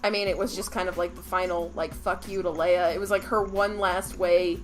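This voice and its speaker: A young woman co-hosting a casual podcast about video games, animated and profane, swinging between gushing and mock outrage. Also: on the low side, normal speed. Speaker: podcast co-host. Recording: faint background music.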